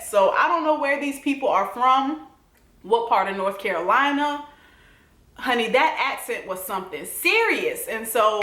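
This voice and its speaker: A woman's voice: a little high, bright, forceful tone. A young woman with a Southern accent, chatting sassily to viewers in a casual TV recap. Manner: sassy, chatty, addresses viewers directly. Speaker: TV recap vlogger. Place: home room. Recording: roomy home echo.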